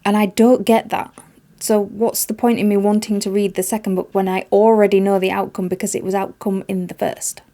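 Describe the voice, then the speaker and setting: A woman's voice: medium pitch, level tone, brisk, warm tone. A woman giving a casual spoken book review, emphatic and exasperated, repeating words for stress.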